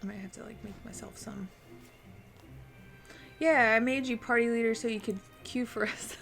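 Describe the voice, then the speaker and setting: A woman's voice: fairly high pitch, steady tone, moderate pace, vocal fry, a bit bright, faint music behind. A woman streaming a video game, chatting casually and thinking aloud as she plays and answers her chat. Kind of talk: casual live-stream commentary while playing.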